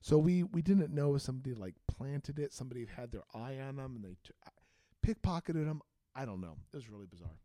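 A man's voice: fairly quick, no echo. A man, a band director and teacher, telling a story in casual chat, acting out quotes with big jumps in his voice. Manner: animated, acts out quotes with big pitch jumps.

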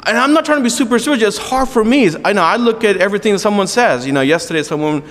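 Male pastor, earnest conversational sermon, high voice, hall reverb. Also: lively intonation, very fast, a bit bright. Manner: earnest, with asides and jokes to the congregation.

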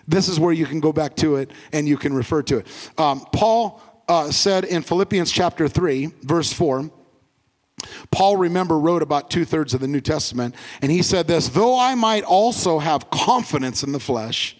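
A man's voice: on the high side, normal speed, long reverb tail. A male pastor preaching a sermon, repeating key phrases and asking the congregation to say words back with him.

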